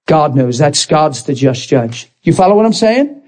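A man's voice: a little high, sing-song, normal speed, darkish tone. A man preaching a sermon, impassioned and rising to emphatic bursts.

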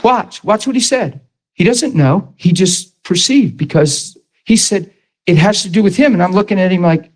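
A man preaching, retelling a story in an animated, emphatic way with lots of repetition. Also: high voice, normal speed, low-quality recording. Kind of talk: storytelling sermon.

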